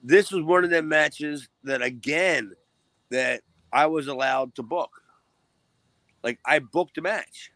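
A man's voice: on the high side, takes it slowly, a bit bright, no echo. A man, a former wrestler guest, chatting casually with rambling restarts, laughs and cussing. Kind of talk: casual chat.

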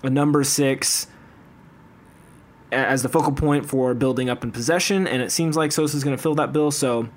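A man's voice: mid-range voice, fairly even intonation, moderate pace. A man co-hosting a casual sports podcast, eager and upbeat as he tells stories. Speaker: podcast co-host. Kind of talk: casual chat.

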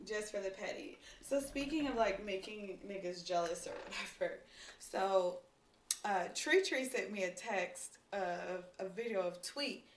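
A young woman co-hosting a casual podcast who jumps in with quick, teasing reactions. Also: medium pitch. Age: young adult. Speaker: podcast co-host. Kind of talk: casual chat. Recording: echoey room with faint noise.

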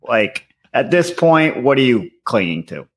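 A man's voice: mid-range voice, sing-song, measured pace, fairly bright tone. A man co-hosting a podcast in casual chat, telling rambling stories with sarcasm. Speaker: podcast co-host.

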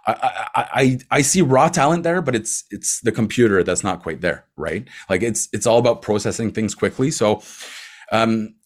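A man in casual sports chat about hockey, animated, laughing often, with quick asides. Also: lowish voice. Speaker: hockey commentator.

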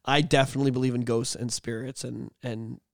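A man's voice: mid-range voice, little pitch movement, a little fast, gravelly, dry recording. Casting: male podcast host, loose storyteller, salty language, dry close-miked sound, mid-range voice. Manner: rambling, profane, laughs often. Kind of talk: casual storytelling chat.

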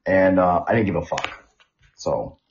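A man's voice: low-pitched, lively intonation, a little slow, vocal fry, slight background noise. A man co-hosting a casual podcast, chiming in with easygoing, blunt agreement and short remarks. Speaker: podcast co-host. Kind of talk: casual chat. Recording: dull lo-fi sound.

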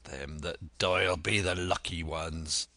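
A gruff, crafty old one-legged pirate, voiced by a male narrator, growling threats in a very low voice at a slow pace. The reading has a bright, sharp edge and sounds dry and close, as in an audiobook. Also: steady tone, no room sound, heavily acted. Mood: furious. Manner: threatening, rough seafaring talk. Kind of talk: audiobook character voice.

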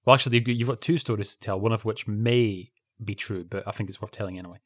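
A man's voice: on the low side, steady tone, quick pace, dry recording, clean studio sound. A man co-hosting a podcast, chatting casually about old television in a rambling, wry way that keeps breaking off and restarting. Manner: rambling, self-interrupting, wry. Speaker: podcast co-host.

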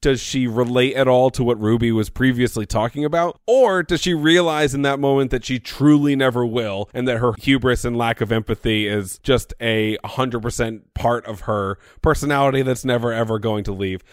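A man's voice: mid-range voice, normal speed, few pauses, no echo, clean studio sound. A man co-hosting a podcast, talking through an episode in casual chat and posing reflective questions. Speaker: podcast co-host.

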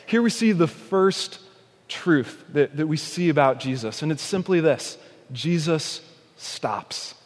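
A man preaching a sermon, dramatically acting out shouted cries and slowing to a hush on key points. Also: fairly high pitch, animated, in a large hall. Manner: slows and softens on key points. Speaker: pastor.

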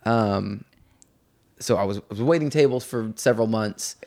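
A young man chatting at home as a podcast host, telling animated stories. He laughs often while he talks. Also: fairly low pitch, moderate pace, gravelly. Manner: animated storyteller, mimics voices, laughs often. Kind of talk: casual chat.

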